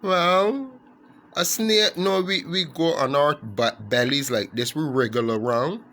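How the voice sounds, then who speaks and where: A man voicing a curious, excited little boy frog in a spoken storybook fable. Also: on the high side, takes it slowly. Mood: eager.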